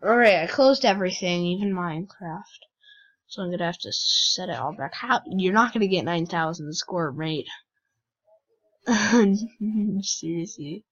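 Woman gamer host, unhurried, teasing chatter, lo-fi mic. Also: on the low side, expressive, fairly bright tone. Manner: chatty, teasing other players. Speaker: gaming channel host. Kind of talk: casual game commentary.

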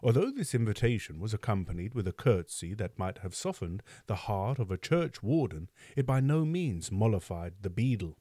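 A man hosting a live book reading, narrating a classic novel in an expressive, measured storytelling style. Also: lowish voice, slightly rough, dry recording, studio quality.

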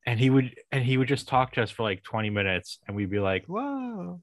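A man in his thirties, speaking fast with a fairly low voice, chats casually as a podcast cohost over a remote call mic with no room sound. He rambles, trails off, and laughs often.

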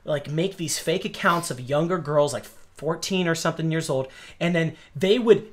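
A man's voice: on the high side, moderate pace. A man co-hosting a casual podcast, rambling, swearing and acting out voices in his stories. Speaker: podcast co-host. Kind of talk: casual chat.

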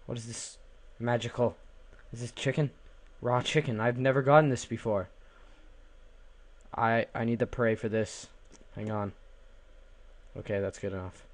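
A man's voice: mid-range voice, fairly even intonation, measured pace. A young man casually commenting on his own game, joking, exclaiming and chanting silly repeated words at the animals. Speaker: gaming channel host. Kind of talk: casual let's play commentary.

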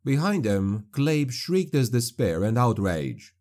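A man reading a dark fantasy audiobook in a grave, measured narration. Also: medium pitch, sing-song.

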